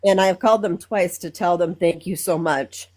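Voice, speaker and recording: A woman from Minnesota calling in to a live stream, speaking earnestly and emotionally with halting fillers. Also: on the low side, darkish tone. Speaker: caller. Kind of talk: casual call-in talk.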